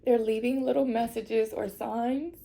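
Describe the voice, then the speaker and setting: A woman's voice: a little high, fairly even intonation, measured pace, vocal fry, mellow. A woman giving a tarot reading to her viewers, tearful and reassuring, laughing through her emotion. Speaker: tarot reader.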